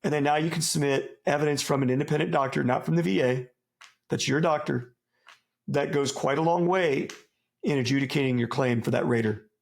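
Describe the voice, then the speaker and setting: A fairly quick, gravelly, medium-pitched male voice. He's an American ex-soldier appearing as a guest in a casual interview, relaxed and foul-mouthed, peppering his talk with buddy slang. He rambles, restarting often and wandering into asides.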